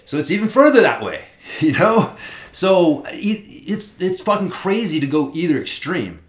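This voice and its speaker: A man's voice: sits high, sing-song, moderate pace. Profane, rambling man in a roomy space. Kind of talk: casual chat. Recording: roomy echo.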